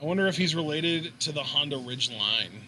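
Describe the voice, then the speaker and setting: A man co-hosting a live wrestling reaction stream, animated and jokey, calling the moves as they happen. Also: normal speed, slight background noise. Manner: animated, jokey, jumps up in pitch at big moves. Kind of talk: excited live commentary and banter.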